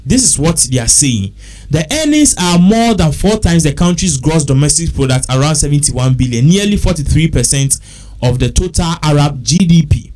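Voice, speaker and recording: A man's voice: on the high side, expressive, moderate pace, a little mellow. A man with a Ghanaian accent, talking casually and repetitively, working through figures aloud. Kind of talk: casual talk mixing English and Twi.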